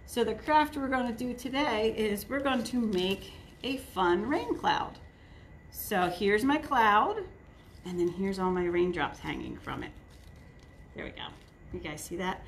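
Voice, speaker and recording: Gentle woman leading a children's storytime. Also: mid-range voice, animated, unhurried, slight background noise. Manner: warm, gentle, addressing children. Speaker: children's librarian. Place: indoors at a table. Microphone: phone camera.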